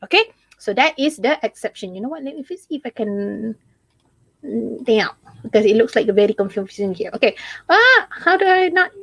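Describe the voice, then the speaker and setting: Chatty Malaysian woman tutor, high voice. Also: fairly quick, gravelly, husky, no echo. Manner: chatty, often checks in with "okay?". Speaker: online English tutor. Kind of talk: live online lesson, mixing English with Malay.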